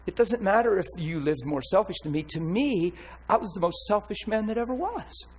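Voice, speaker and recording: Guy preaching his testimony, high husky voice, really fired up and emphatic. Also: lively intonation, normal speed, low-quality recording. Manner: impassioned, emphatic. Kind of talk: testimony sermon.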